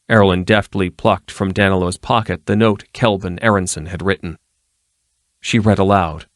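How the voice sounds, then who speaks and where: A man narrating a fantasy audiobook in an even, measured way. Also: sits low, dry recording, clean studio sound. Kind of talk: scripted narration.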